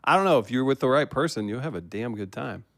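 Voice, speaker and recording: A man's voice: mid-range voice, lively intonation, quick pace, creaky, dry recording. A man from St. Louis hosting a casual live-stream interview, asking long, rambling questions in a chatty way. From St. Louis, USA. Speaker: host.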